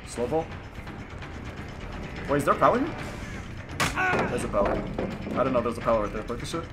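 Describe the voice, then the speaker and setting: A man's voice: mid-range voice, very animated, a little fast. Hyped young man commentating his game. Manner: hyped, profane, talks to opponents on screen. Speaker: gaming streamer. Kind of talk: live gameplay commentary. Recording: game music behind the voice.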